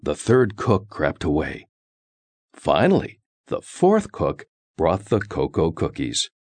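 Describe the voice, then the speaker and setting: A man reading a children's story aloud in a slow, expressive, sing-song way. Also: a bass voice, no echo.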